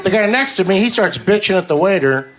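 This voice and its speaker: A male stand-up comedian works the room in a live club recording. His pitch swings a lot as he tells deadpan stories and drops into quick character voices, and loud audience noise sits under everything. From Southern California.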